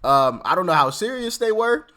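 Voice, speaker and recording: A man with a fairly high voice whose pitch swings widely as he riffs on clips. His talk is rambling and casual, full of stammered repeats and laughter. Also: sing-song, moderate pace, pushed and bright. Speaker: channel host reacting to clips. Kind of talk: casual reaction commentary.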